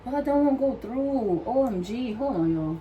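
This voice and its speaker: A young woman vlogger telling a work story while she does her hair, animated and acting out the other people in it. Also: on the high side, normal speed, dull audio.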